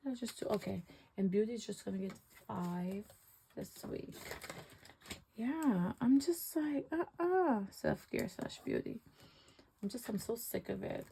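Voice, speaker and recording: Casting note: outspoken woman with a gravelly, mellow voice, chatty budgeting vlogger, faint hiss behind her. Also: fairly high pitch, lively intonation, a little slow, rough recording. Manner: sassy, talks back to herself, counts money aloud. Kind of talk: casual chat while counting cash.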